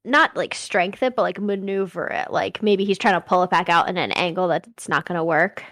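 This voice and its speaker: A woman's voice: on the low side, a bit bright, no echo, clean studio sound. A woman playing a tabletop game, talking in a casual, chatty way with many likes. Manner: casual, chatty, quick to laugh. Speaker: player.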